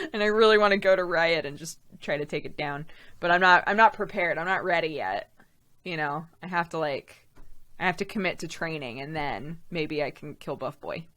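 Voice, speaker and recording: A woman's voice: lowish voice, a bit bright. A woman streamer chatting casually on her weekly show. She talks in loose, rambling runs and laughs often, and she breaks off to thank viewers by name. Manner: chatty, laughs often, reads out chat names. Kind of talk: casual live-stream chat.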